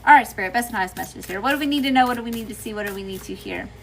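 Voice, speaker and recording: Casting: folksy Southern woman, tarot livestreamer, bright tone, faint room noise. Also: a little high, expressive, racing, low-quality recording. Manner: chatty, folksy, says y'all often. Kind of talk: casual livestream tarot reading, greeting chat.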